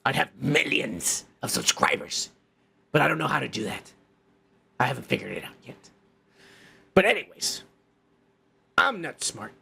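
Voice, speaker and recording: A man's voice: mid-range voice, sing-song, normal speed, vocal fry, long pauses, bright, forceful tone, husky. A male podcast host ranting in crude, heated commentary, swearing and repeating himself.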